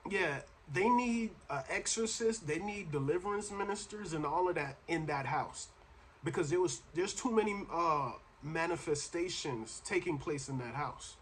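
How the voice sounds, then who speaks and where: A man's voice: a little high, fairly bright tone, a little hiss or hum. Slangy, preachy male reaction host. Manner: preachy, slangy, addresses listener as bro. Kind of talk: casual commentary.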